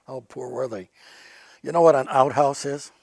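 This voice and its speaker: An older man, a retired Air Force general, tells earnest anecdotes in a casual storytelling interview, repeating words for emphasis. His voice is medium-pitched, creaky, and a little mellow, at a moderate pace, with no room sound.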